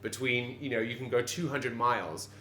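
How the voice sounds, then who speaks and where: A man with a Quebecois-Canadian accent talks at the bar of an old pub, animated and digressive, full of restarts. His voice sits in the middle range, and it rings around a roomy space with faint pub ambience behind it. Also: mid-range voice, normal speed, a little hiss or hum. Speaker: pub landlord. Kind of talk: conversational interview.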